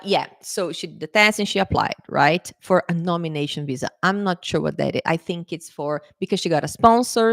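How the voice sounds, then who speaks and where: Lively woman teacher coaxing her students. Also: on the low side, dry recording, studio quality. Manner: lively, animated, coaxing, repeats "okay?" and "right?". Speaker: English teacher. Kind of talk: casual talk to camera.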